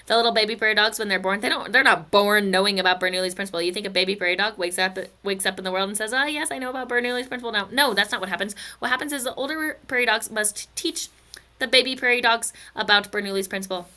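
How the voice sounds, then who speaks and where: A woman's voice: mid-range voice, fast, bright, forceful tone. A woman teaching a recorded physics lesson, chatty and playful, slipping into silly stories and asides.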